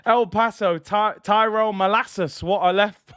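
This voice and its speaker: A man's voice: high-pitched, fairly even intonation, slow pace, fairly bright tone, clear, resonant tone, dry recording, studio quality, pitched above the performer's own voice. A man putting on a put-on Dublin Irish accent to voice a fiery, stern older Irish ex-footballer captain, scolding and proud. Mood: amused.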